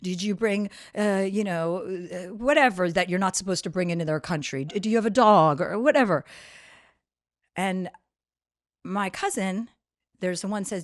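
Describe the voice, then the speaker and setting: A woman's voice: mid-range voice, moderate pace, no room sound, clean studio sound. A woman guest on a podcast, telling a long story in casual, swearing chat that keeps building into rants. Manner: profane, animated storyteller, rants with rising volume.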